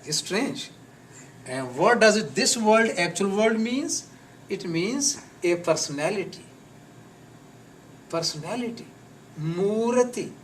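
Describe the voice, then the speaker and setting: A man teaching a live class on pronunciation, slowly repeating words and sounds for his students. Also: sits high, expressive. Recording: distant mic with faint noise.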